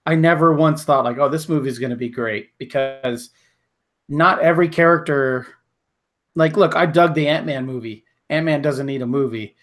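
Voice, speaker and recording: A man's voice: on the high side, normal speed. A man co-hosting a podcast in casual chat, blunt and profane with strong opinions. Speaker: podcast co-host.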